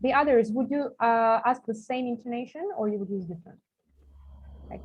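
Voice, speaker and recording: A woman's voice: a little high, a little fast. A woman with a Russian accent teaching an online English lesson, explaining with examples and many "like" fillers. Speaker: English tutor for coaches. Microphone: video call. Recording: husky voice over a tinny call line.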